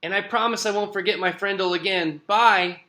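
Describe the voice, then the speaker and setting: A man's voice: high-pitched, fairly even intonation, normal speed, bright, forceful tone, voice pushed up. A man voicing a sly, bold schoolboy. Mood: innocent. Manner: innocent, wide-eyed act.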